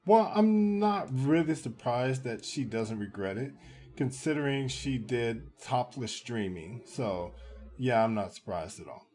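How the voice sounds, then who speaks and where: A man's voice: mid-range voice, lively intonation, unhurried, darkish tone. A man giving reaction commentary on video clips, lecturing and emphatic, repeating his points.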